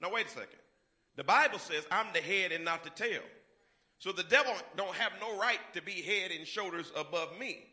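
A man preaching a sermon, moving from soft, measured passages to loud, emphatic call-and-response declarations. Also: high-pitched, expressive. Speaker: pastor.

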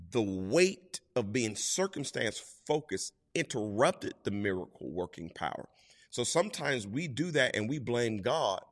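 A man's voice: mid-range voice, long reverb tail. A man preaching a sermon in a conversational way, acting out quoted voices as he tells stories.

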